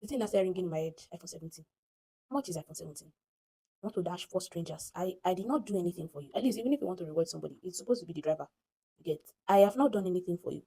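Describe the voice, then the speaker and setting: A woman with a Nigerian accent tells a story casually to her phone camera, animated and dramatic, acting out the voices she quotes. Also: lowish voice, rapid-fire, slightly rough, poor audio. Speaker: vlogger.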